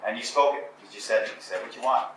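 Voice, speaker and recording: A man's voice: lowish voice, fast talker. Guy giving a pep talk at a seminar, hammering points home, mic off at a distance in a roomy hall. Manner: emphatic and repetitive, rising to forceful exhortation. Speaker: motivational speaker. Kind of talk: live motivational talk to an audience. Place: indoor conference or seminar room. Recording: echoey room, voice picked up from a distance with faint noise.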